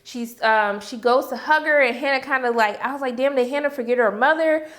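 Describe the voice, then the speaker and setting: A woman talks through a TV episode in a casual review. Her voice sits a little high, and she breaks into loud, animated reactions as she recaps. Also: a little fast. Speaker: TV review host.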